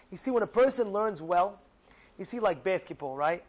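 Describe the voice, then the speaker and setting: A man teaching as a rabbi, telling a story with lively emphasis and frequent repetition. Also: high voice, normal speed, lo-fi sound. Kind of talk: storytelling Torah lesson.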